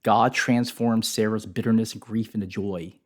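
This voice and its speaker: A man giving a reflective devotional Bible teaching, dropping his voice softly on painful words. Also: on the low side, fairly even intonation, moderate pace.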